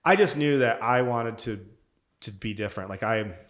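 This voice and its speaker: Animated storytelling man, says dude a lot. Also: medium pitch, normal speed. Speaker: podcast guest. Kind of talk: casual storytelling.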